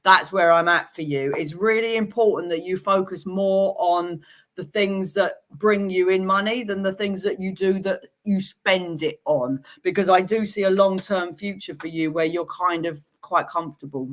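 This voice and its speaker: A woman giving a live-streamed tarot reading, chatty and giggly, laughing at her own jokes while reassuring viewers. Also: on the low side. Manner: chatty, giggly and self-amused; warm, reassuring advice to viewers. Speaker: tarot reader.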